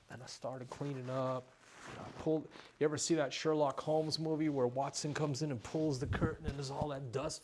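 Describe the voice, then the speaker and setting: Brief: middle-aged man, earnest recovery-talk speaker, emotional, short bursts, mid-pitched. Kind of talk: personal testimony talk.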